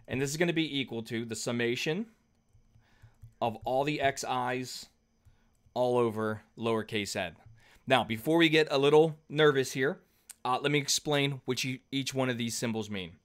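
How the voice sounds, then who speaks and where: A man's voice: mid-range voice, normal speed, a bit bright, clear, resonant tone. Casual man lecturing on math. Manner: conversational, checks in with "okay?" often, fillers. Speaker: math teacher. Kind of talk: whiteboard lecture.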